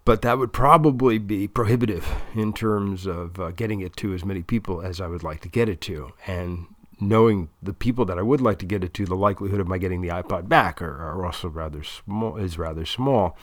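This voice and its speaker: A man's voice: low voice, a little fast, few pauses, dry recording. A man explaining a plan at length in a casual, rambling way with many restarts. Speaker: interviewer recording a monologue.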